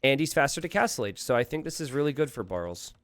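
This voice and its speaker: A man casting a live strategy game, thinking aloud with animated asides to his viewers. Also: medium pitch, quick pace, dry recording. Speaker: game caster.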